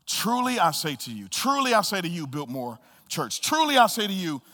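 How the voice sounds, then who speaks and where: Man, pastor preaching, bright high voice, repeats phrases, soft-to-loud swings, long hall reverb. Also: sing-song, moderate pace. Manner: repeats key phrases for emphasis. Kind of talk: sermon. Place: church sanctuary.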